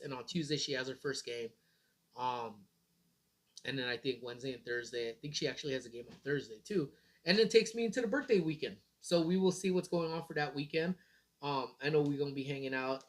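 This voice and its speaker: A man in his thirties hosting a casual morning livestream, rambling in a laid-back way and swearing casually. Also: mid-range voice. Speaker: livestream host.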